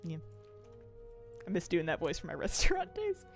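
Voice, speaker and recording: A young woman chats through a live game stream, rambling loosely and laughing often. Her voice swings widely up and down in pitch, and faint music plays underneath. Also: huge pitch swings, moderate pace, creaky. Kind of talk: casual live-stream chat while gaming.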